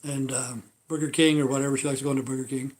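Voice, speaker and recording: A man's voice: medium pitch, level tone, quick pace, a little mellow. A man hosting a casual livestream, talking in a rambling, profane way with many fillers. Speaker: livestream host.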